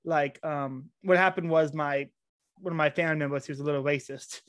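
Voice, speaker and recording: Excitable, fairly high-voiced man. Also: no echo, clean studio sound. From United States. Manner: excitable, quick restarts and stumbles. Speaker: podcast host. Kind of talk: casual conversational interview.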